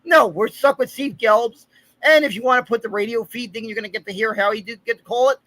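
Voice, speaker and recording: A man co-hosting a sports podcast, chatting in a quick, frustrated way. His voice is high and sharply bright. The sound is close and dry. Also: dry recording, low-quality recording. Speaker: podcast co-host. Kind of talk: casual sports talk.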